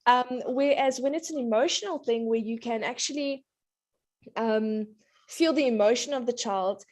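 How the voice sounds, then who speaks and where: A parenting coach in her thirties, with a voice on the high side and a moderate pace, chats casually on a talk show. She's warm and anecdotal, telling family stories, laughing often, and acting out child voices.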